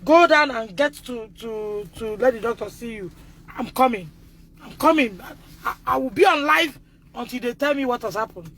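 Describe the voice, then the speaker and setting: A Nigerian woman speaking on a phone livestream, distressed and loud, re-enacting conversations as a mother. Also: a little high, animated, normal speed, slight background noise. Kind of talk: emotional livestream testimony.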